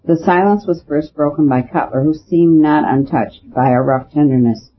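A man narrating a storybook as an audiobook reader, reading in a measured, steady way. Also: a little high. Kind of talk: scripted narration. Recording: dull lo-fi with faint hiss.

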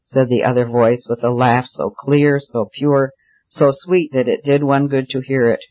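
A man narrates a novel in a steady, measured voice of middle pitch. The sound is dull and lo-fi. The room is dry, with no echo. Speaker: audiobook narrator.

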